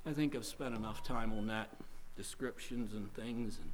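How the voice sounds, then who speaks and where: A man preaching a sermon in a church, telling stories dramatically and swinging from hushed tones to loud outbursts. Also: medium pitch, lively intonation, unhurried, a little hiss or hum, low-quality recording.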